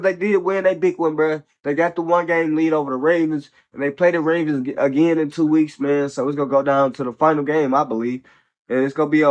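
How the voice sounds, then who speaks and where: Blunt, slangy man, slightly higher voice. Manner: slangy, profane, peppers lines with "bro" and "man"; blunt, opinionated. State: a little sick. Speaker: host of a football commentary channel. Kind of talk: casual sports commentary.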